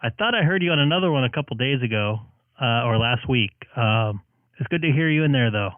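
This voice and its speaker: A man's voice: mid-range voice, animated, brisk, no echo. A man hosting a live ham radio stream, greeting a caller in friendly, chatty talk with many fillers. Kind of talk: casual radio chat. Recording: narrow phone-like radio sound.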